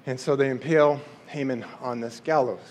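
A man's voice: medium pitch, fairly even intonation, brisk, a little mellow, slight background noise. A man casually retelling a Bible story in a playful, chatty way. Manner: playful, chatty, acts out quotes.

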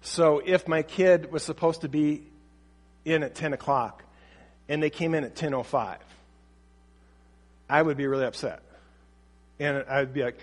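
This man speaks on parenting as a teacher, keeping it conversational and performing snippets of quoted dialogue. The voice sits mid-range with fairly even intonation and normal speed, pausing often, and a long reverb lingers behind it.

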